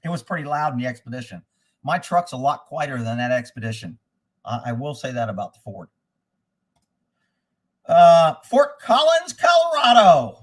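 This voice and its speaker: A man's voice: medium pitch, fast talker. A man hosting a livestream, ranting angrily and profanely in a rambling monologue and reading out viewer comments. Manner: profane, angry, rambling rants; reads out viewer locations and comments. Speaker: livestream host.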